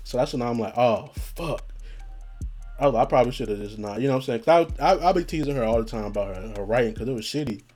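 Guy rambling thru a funny story, cussing, laughing a lot, soft music under it. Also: medium pitch, lively intonation, racing, hardly any pauses. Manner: joking, profane, laughs often, acts out quotes. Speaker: vlogger telling a personal story. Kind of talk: casual storytelling monologue.

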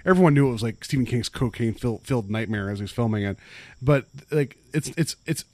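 A man's voice: mid-range voice, brisk, a little mellow, no echo. A man co-hosting a podcast, chatting casually about movies in a rambling way full of fillers. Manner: rambling, many fillers and restarts. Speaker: podcast co-host.

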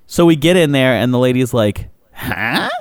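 A man's voice: medium pitch, normal speed, clean tone, dry recording. A man co-hosting a podcast, telling a funny story in casual chat, laughing often and acting out what people said. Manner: animated storyteller, acts out quotes, laughs often. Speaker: podcast co-host.

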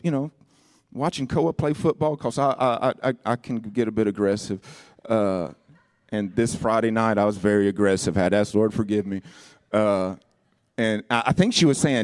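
A male pastor preaching with impassioned, sing-song delivery, swinging between shouted lines and quiet personal asides. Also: lowish voice, moderate pace, no echo, clean studio sound. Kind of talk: sermon. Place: church.

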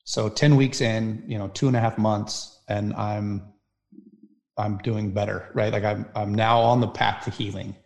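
A man telling an earnest, halting personal story as an interview guest. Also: fairly low pitch, fairly even intonation, a little mellow. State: near tears at times. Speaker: firefighter guest.

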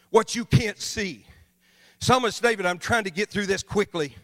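A male missionary preaching a sermon, swinging from loud shouts to hushed, quiet passages. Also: high-pitched, normal speed, in a large hall.

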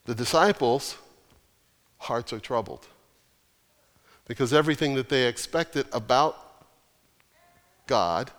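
A male pastor preaching an earnest, emphatic sermon with deliberate pauses. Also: medium pitch, expressive, in a large hall.

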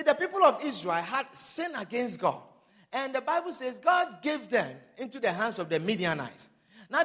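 A man preaching with a very high voice that swings widely up and down. He reads scripture in old-fashioned wording and pushes his key lines out in loud bursts. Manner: preaching with rising bursts of emphasis. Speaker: pastor. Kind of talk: sermon.

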